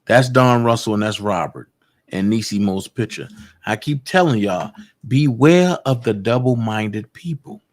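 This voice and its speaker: A man's voice: fairly low pitch, expressive, a little slow. Emphatic man streaming commentary. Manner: emphatic, repeats points to drive them home; confrontational, talks straight to viewers. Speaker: online commentator. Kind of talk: casual livestream commentary.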